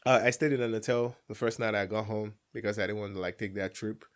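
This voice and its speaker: A young man with a Nigerian accent tells a homecoming story in casual conversation. His voice sits a little low, and he slips into animated voices for his relatives as he goes. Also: quick pace. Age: young adult. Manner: animated storyteller, acts out family dialogue with laughs. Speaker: guest.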